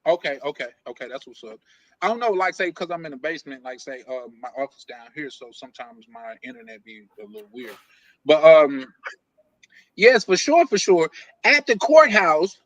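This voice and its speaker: A man hosting a casual live stream from his basement office, asking teasing questions in a halting, repetitive way. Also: a little high, very animated, a bit bright, dry recording, poor audio. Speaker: stream host.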